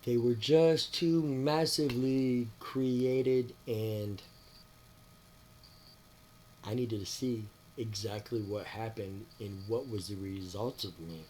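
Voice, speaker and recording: A man talking to his viewers in a rambling, preachy monologue. He asks them rhetorical questions and swings between loud outbursts and quiet mutters. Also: mid-range voice, steady tone, slow pace, a little hiss or hum. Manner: addresses listeners with rhetorical questions. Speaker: spiritual vlogger. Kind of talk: casual spoken monologue to viewers.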